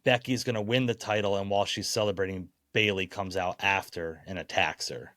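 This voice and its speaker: A man co-hosting a relaxed wrestling talk show, with a very low voice recorded close and dry. He chats casually and hams up his picks like a ring announcer. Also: a little fast, dry recording. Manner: playful, builds up picks like an announcer. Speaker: podcast co-host. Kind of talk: casual wrestling prediction chat.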